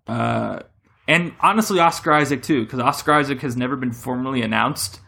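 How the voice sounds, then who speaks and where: A man hosting a casual podcast chat, rambling and correcting himself as he talks with animated shifts. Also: mid-range voice, a little fast, vocal fry. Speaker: podcast host.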